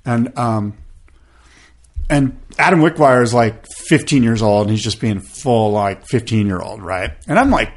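A man's voice: mid-range voice, animated, unhurried. Rambling middle-aged man telling a story. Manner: rambling, filler-heavy, acts out quoted voices. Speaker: podcast guest. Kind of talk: casual storytelling interview.

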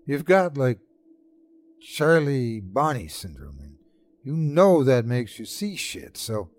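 Man as a loyal easygoing buddy, slangy, reassuring, animated pitch. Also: slow pace. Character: laid-back, loyal young male best friend.

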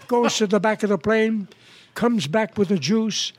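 An old comedian in his nineties, telling jokes at home with a slow, unhurried pace. His voice sits high for a man, and he chuckles at his own punchlines. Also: dry recording. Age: 90s. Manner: relaxed storyteller, laughs at his own punchlines. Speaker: interview guest, comedian.

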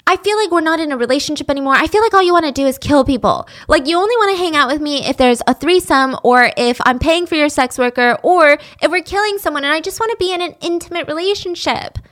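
A woman's voice: high-pitched, lively intonation, quick pace, hardly any pauses, fairly bright tone, voice pushed up. A woman doing a clingy, whiny girlfriend. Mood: pleading. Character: clingy, needy woman pleading with her boyfriend.

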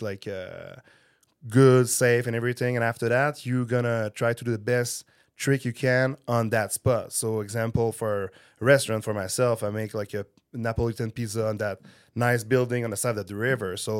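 Quebecois man halting in English. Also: mid-range voice, steady tone, no room sound, studio quality. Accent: Quebecois French. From Quebec, Canada. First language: French. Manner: halting, searching for words, many fillers. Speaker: guest, pro snowboarder. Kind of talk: casual podcast chat.

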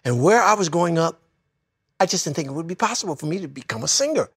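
An older man from Detroit recalling his childhood in a reflective, heartfelt way, sometimes speaking softly. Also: a little high, very animated, fast talker, breathy edge, dry recording, studio quality. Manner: reflective, heartfelt, soft at times. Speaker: interviewee. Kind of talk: personal storytelling.

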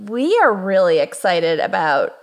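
A woman's voice: on the low side, very animated, a little slow. A woman co-hosting a podcast in casual chat, jet lagged, joking and laughing often, recording from a new space. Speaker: podcast co-host.

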